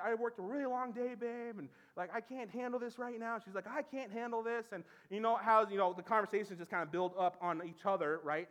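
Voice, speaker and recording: Lively high-voiced male pastor preaching. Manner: storytelling, animated, drops low and soft for serious points. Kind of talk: sermon.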